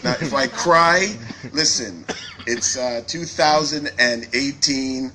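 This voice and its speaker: A Canadian company CEO in his 40s gives a joking public speech before an audience in an event hall at a launch event, coming across as self-deprecating and openly emotional. His bright voice is medium-pitched and slow, in a rough recording with slight background noise.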